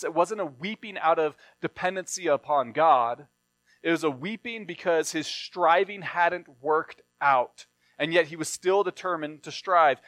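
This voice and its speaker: A man's voice: fairly high pitch, fairly bright tone, no echo. Man reading scripture and preaching. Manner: reads scripture then explains it plainly. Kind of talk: Bible reading and sermon teaching.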